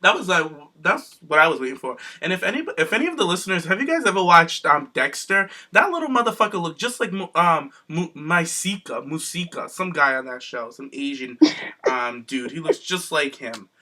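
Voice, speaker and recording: A man's voice: fairly high pitch, very animated, brisk, pushed and bright. A man co-hosting a podcast, giving sassy, profane commentary in casual chat. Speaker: podcast co-host.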